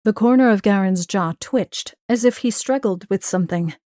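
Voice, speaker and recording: A woman's voice: medium pitch, normal speed, mellow, no echo, studio quality. A woman narrating excerpts from several novels as an audiobook reader. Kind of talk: scripted narration.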